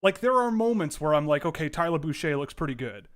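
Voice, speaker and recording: A man hosting a casual livestream from home, giving rambling, animated commentary with frequent restarts. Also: a little high, quick pace. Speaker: livestream host.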